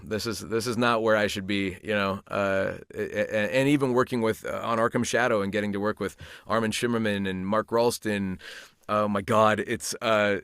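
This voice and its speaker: Voice actor guest, man, fifties, low voice, dry close sound, humble and meandering. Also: fairly bright tone, dry recording. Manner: rambling, many restarts, humble and reflective. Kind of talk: casual interview chat.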